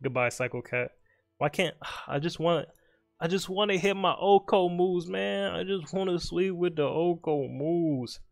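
A young male streamer with a high-pitched voice and vocal fry jokes his way through his own live game over soft background music. He talks directly to his opponent and mutters quickly to himself.

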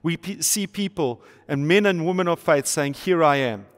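A man's voice: a little high, lively intonation, normal speed. A middle-aged man preaching a sermon to an online audience, emphatic and repetitive, with rhetorical questions and playful asides. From South Africa. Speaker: pastor. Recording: long hall reverb.

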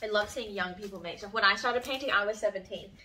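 Bright, soft-spoken woman vlogger. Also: medium pitch, quick pace. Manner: soft-spoken and chatty, with bursts of excitement. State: runny nose, emotional. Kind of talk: casual home vlog, reading fan mail aloud. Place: home studio, indoors. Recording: distant mic, faint background noise.

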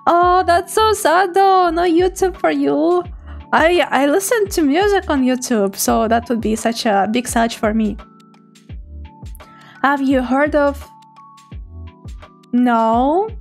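Giggly high-voiced young woman streamer. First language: Russian. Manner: giggly, chatty, often laughs and apologises. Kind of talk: casual live-stream chat reading out chat.

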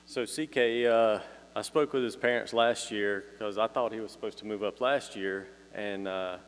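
A man, a children's ministry teacher speaking casually to a congregation in a relaxed, halting way, pausing often. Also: lowish voice. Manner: relaxed, halting, with many "uh" pauses. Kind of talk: casual address to a church congregation. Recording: reverberant church hall.

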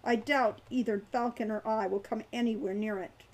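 A man's voice: high-pitched, normal speed, rough recording. A woman reading aloud and voicing an aloof young male spellcaster who speaks icily and scornfully. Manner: icy, scornful, calm.

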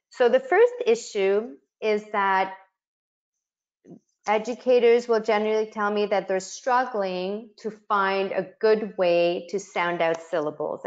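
A middle-aged woman facilitates an instructional webinar for educators, explaining speech sounds and sounding them out. Her voice is medium-pitched, and the audio has its highs cut off.

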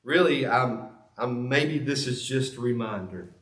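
A man's voice: mid-range voice, lively intonation, unhurried, a bit bright. A man pastor preaching a sermon, earnest and confessional, stressing key words by repeating them. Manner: confessional, earnest, with emphatic repetition. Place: church sanctuary. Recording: echoey church sanctuary.

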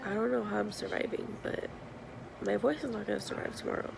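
A young woman chatting to camera in a vlog from a hotel room, hoarse and tired from losing her voice. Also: medium pitch, quick pace, background noise. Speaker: vlogger. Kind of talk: casual vlog chat.

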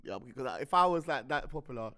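A middle-aged British man, a guest on a podcast, chatting in an animated, joking, slangy way. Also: medium pitch, quick pace. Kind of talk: casual podcast chat.

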